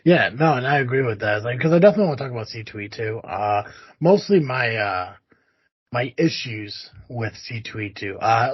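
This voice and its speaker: A man's voice: mid-range voice, breathy edge, no room sound. A man co-hosting a podcast in loose, rambling casual chat, swearing freely and filling gaps with "uh". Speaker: podcast co-host. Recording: dull muffled podcast audio.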